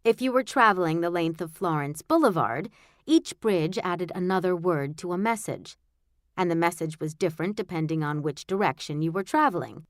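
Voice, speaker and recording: A woman narrates a storybook with a wry, lively, rising-and-falling delivery in a fairly low voice. The sound is dry and close, with faint music underneath. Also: moderate pace, no room sound. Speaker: audiobook narrator. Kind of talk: scripted narration.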